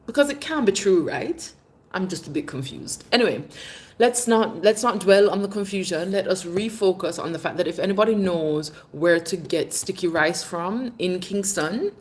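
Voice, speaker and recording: A woman hosting a casual livestream, reading viewer comments and chatting animatedly, calling viewers "babes" and laughing often. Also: normal speed. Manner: bursts of laughter, lively pitch swings. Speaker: livestream host. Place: Jamaica.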